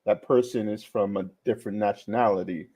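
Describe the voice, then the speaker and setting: A man on a casual panel chat, explaining his view in a measured, step-by-step way. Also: fairly low pitch, steady tone, warm tone, breathy edge.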